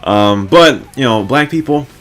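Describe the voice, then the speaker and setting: A man's voice: medium pitch, lively intonation, measured pace, a bit bright, soft background music. A man hosting a casual podcast chat, rambling with many fillers and laughing often. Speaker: podcast host.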